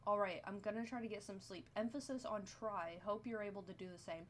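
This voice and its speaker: A woman's voice: mid-range voice, fairly even intonation, brisk, a little hiss or hum, close to an everyday voice. A woman reading the texts of an anxious young person who feels alone. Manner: anxious, worried.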